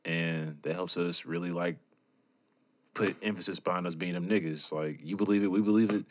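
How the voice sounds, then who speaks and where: A man's voice: sits low, steady tone, moderate pace. A young man co-hosting a podcast in loose, rambling casual chat, full of "like" and slang. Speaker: podcast co-host.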